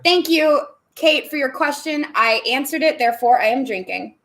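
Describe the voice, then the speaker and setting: A bubbly woman talks casually to her livestream viewers. Her voice sits a little on the high side, and she laughs easily and chats freely. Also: lively intonation, normal speed, fairly bright tone. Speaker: livestream host. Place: home room.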